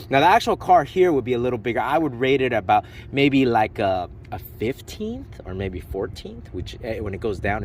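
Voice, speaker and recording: A man's voice: on the low side, slight background noise. A man casually demonstrating and reviewing remote-control cars, rambling with lots of fillers and making little sound effects. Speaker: RC car reviewer. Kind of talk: casual unboxing demo.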